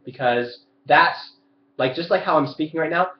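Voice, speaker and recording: A man's voice: fairly high pitch, animated, normal speed, slight background noise. Man teaching violin over a roomy webcam. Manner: explains and demonstrates, asks viewers questions. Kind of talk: live webcam lesson. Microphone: webcam mic. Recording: roomy, dull webcam audio.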